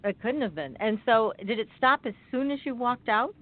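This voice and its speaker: A woman's voice: a little high, animated, moderate pace. A woman hosting a radio show, interviewing a guest and reacting with sympathetic exclamations. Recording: tinny phone line.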